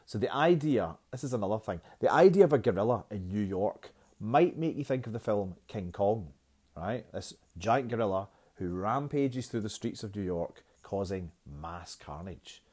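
A man's voice: on the low side, animated, normal speed, darkish tone. A man, teaching a poetry lesson in a chatty, self-mocking way, with fillers.

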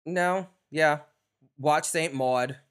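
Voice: medium pitch, extremely slow, smooth. A podcast co-host with a New York accent in casual chat, laid-back, making dry jokes and murmuring agreement often.

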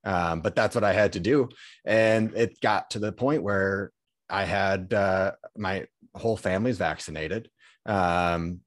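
Man, deep voice, dry sound, podcast host, casual, earnest, lots of fillers. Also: measured pace, no echo. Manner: easygoing, filler-heavy, earnest. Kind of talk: casual conversation.

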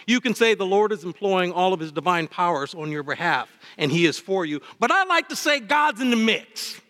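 Man, pastor, impassioned sermon, bright forceful voice, long church reverb. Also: sing-song, moderate pace. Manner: impassioned preaching, swinging between high fervor and low emphasis. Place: church sanctuary. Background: hall reverb.

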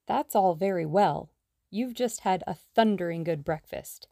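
A woman's voice: fairly low pitch, a little slow, gravelly, warm tone, no echo, studio quality. A woman reading the lines of a lazy, teasing young man in an audiobook, speaking in a mock-formal, joking way.

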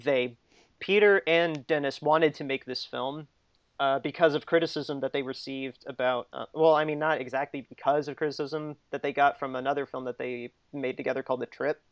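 Podcast co-host, male, chatty and giggly, smooth tone, slightly muffled dry recording. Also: mid-range voice, fairly even intonation, fairly quick, no echo. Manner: chatty, laughs often, trails off and restarts. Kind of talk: casual film discussion.

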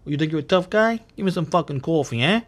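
A man's voice: on the high side, expressive, quick pace, voice pushed up, natural voice. Brash New York mobster type, street-tough and mocking, a man puts it on for a laugh.

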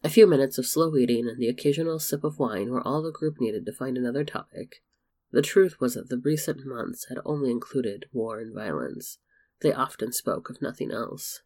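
A man narrating a story in a steady, measured reading voice. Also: medium pitch. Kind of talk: storybook fan fiction reading.

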